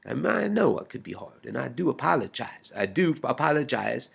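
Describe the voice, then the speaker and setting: Gravelly, husky man rambling intensely. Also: mid-range voice, sing-song. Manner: rambling and intense, often dropping to a whisper; swearing, halting restarts. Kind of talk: personal video message.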